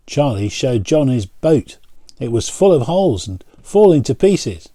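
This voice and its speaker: A man, a pastor, reading a picture book aloud and pausing to point out the pictures. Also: medium pitch, sing-song, dark tone, dry recording.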